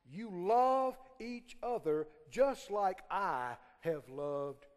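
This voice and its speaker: A man preaching a sermon to a congregation, animated and full of call-and-response questions. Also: high voice, very slow, long reverb tail. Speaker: pastor. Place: church sanctuary.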